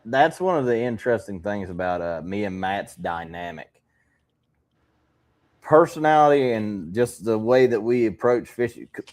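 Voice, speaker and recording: A man hosting a podcast, telling fishing stories in a calm, dry way with some laughs. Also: fairly low pitch. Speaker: podcast host. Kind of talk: casual podcast chat.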